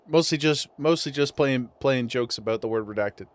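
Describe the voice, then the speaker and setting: A man's voice: medium pitch, brisk, few pauses, no room sound. A man streaming a video game, chatting casually in a rambling, joking way and reading the game text aloud. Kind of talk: casual gameplay commentary.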